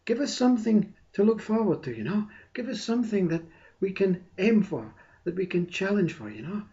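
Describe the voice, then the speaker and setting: A man's voice: very animated, normal speed, mellow, muffled recording. A man voicing the ego mind as a fretful figure that protests and pleads. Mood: pleading. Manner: protesting, pleading, higher than his own voice.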